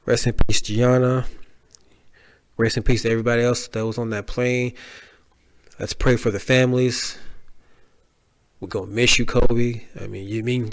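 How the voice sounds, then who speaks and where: Rambling casual man hosting a podcast. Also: medium pitch. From Dallas area. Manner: rambling, heartfelt, with restarts and slang. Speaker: podcast host. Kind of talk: casual solo podcast talk.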